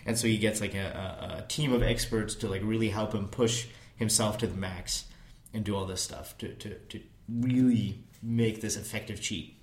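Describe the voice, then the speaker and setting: A man's voice: lowish voice, fairly even intonation, normal speed. A man in casual conversation, recounting a documentary in a rambling way and swearing casually.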